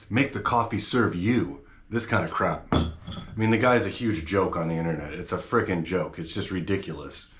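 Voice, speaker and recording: Fired-up guy venting on his channel, kinda deep voice, echoey room. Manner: blunt, slangy, fired-up. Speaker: channel host. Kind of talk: casual rant to camera.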